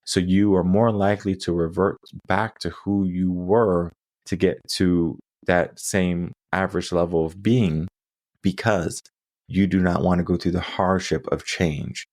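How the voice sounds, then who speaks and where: A man's voice: low voice, fairly even intonation, measured pace, darkish tone, no echo, studio quality. A man hosting a coaching podcast, talking through stories and lessons in an earnest way, often checking in with asides. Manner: earnest storytelling with frequent asides. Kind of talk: solo coaching monologue.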